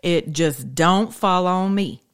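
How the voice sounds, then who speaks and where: A woman's voice: fairly low pitch, takes it slowly, clear, resonant tone. A woman giving a rambling, chatty faith talk, laughing often. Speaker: faith vlogger.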